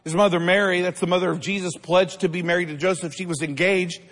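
A male pastor preaching a sermon, emphatic, constantly checking in with the congregation and building up to shouted lines. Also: high voice, fairly even intonation, quick pace. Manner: keeps asking the congregation "right?". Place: church sanctuary. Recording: long reverb of a large hall.

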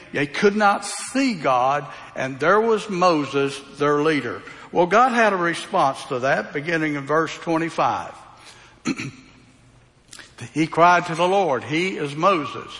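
Slow, folksy male preacher in a reverberant hall. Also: a little high, fairly bright tone. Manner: folksy, asks the congregation rhetorical questions. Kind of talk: sermon, verse-by-verse Bible teaching.

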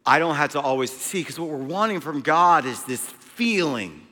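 A male preacher gives a sermon in a high, bright voice. He is emphatic and moves between loud passages and hushed ones. A long hall reverb trails his words. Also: lively intonation, normal speed.

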